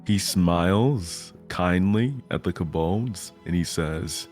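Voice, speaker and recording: A man's voice: low voice, slow pace, a little mellow, soft background music. A man playing a tabletop role-playing game, hesitant and stammering as he speaks in character. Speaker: player.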